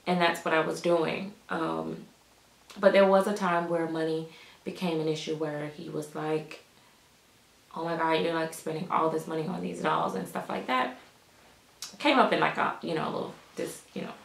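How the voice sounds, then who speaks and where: Chatty woman with a gravelly low voice. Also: roomy sound, slight background noise, poor audio. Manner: chatty, rambling, quotes others in animated voices. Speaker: doll-collecting vlogger. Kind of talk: casual storytime chat.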